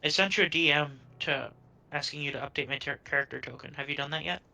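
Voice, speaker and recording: A man playing a tabletop game, asking quick, uncertain questions in casual chat. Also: on the high side, vocal fry, sharp tone. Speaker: player.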